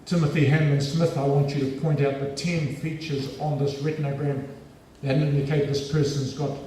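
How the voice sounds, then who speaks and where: A man voicing a stern, imperious older woman lecturer who speaks slowly in a hushed, clipped, commanding tone, in an echoey hall. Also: on the high side, level tone, distant mic, slight background noise, natural voice.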